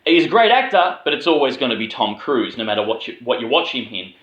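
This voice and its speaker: A man's voice: mid-range voice, sing-song, fast, fairly bright tone, echoey room, lo-fi sound. An Australian man giving a casual, rambling film review, with plenty of swearing and filler words. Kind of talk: casual spoken movie review.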